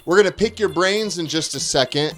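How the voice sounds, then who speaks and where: A man's voice: high-pitched, brisk, fairly bright tone, faint music behind. Upbeat man running a live auction. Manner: upbeat, playful patter. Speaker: host and auctioneer. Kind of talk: live-stream auction chat.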